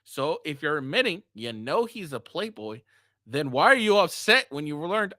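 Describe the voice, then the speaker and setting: A man's voice: fairly high pitch, sing-song, normal speed, pushed and bright, no room sound, clean studio sound. A man giving crude, mocking reaction commentary, swearing and laughing as he talks. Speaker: commentary streamer.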